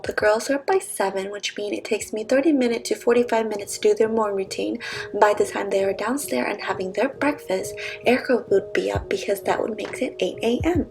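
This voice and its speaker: A woman's voice: mid-range voice, darkish tone, low-quality recording. A woman vlogger and mother giving an upbeat, chatty voice-over that walks through her daily routine step by step. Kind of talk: voice-over narration of a day vlog.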